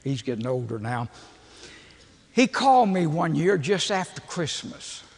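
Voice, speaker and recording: Older preacher, folksy and gravelly. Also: male voice, on the high side, very animated, unhurried. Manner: folksy, humorous, self-deprecating storyteller. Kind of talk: storytelling sermon. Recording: long hall reverb.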